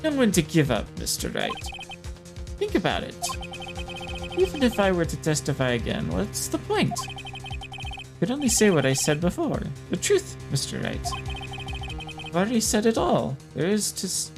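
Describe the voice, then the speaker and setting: Woman doing a smug cool lady culprit with a put-on accent. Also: on the low side. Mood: dismissive. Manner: slow, calm, taunting delivery. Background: game music.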